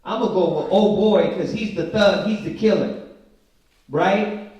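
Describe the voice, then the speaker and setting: A man teaching a Bible study, reading scripture slowly and with emphasis, then breaking into casual, slangy commentary. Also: high voice, a little mellow, muffled recording. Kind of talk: informal scripture study sermon. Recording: very echoey room from a distant mic.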